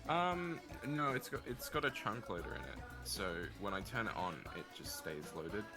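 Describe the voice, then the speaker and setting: Easygoing male guest, very animated pitch. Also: moderate pace, music in the background. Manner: laughs often, easygoing. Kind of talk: casual chat while gaming.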